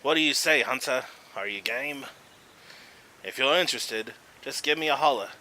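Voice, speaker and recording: A booming, cheerful fisherman with a broad Australian twang, pitched well above a man's usual low voice. He talks up his love of fishing with hammy puns and an eager, forceful delivery, as a man puts him on while reading game dialogue. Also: normal speed, a little hiss or hum, low-quality recording. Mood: jolly. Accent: put-on Australian. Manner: hammy, punning, loud and upbeat.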